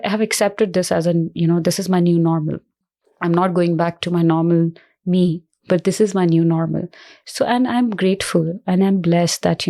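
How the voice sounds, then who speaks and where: A woman guest in an interview, speaking earnestly and reflectively in halting phrases, emotional with her voice cracking at times. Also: on the low side, creaky, a little mellow. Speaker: guest, cancer survivor. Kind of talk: personal interview talk.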